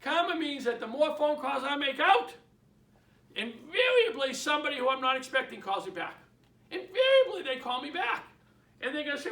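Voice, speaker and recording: A middle-aged man with a Boston accent, coaching real estate agents in an energetic, emphatic way and acting out phone calls. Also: very high-pitched, normal speed, far from the mic. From Boston area. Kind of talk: instructional talk. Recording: echoey room, speaker away from the mic.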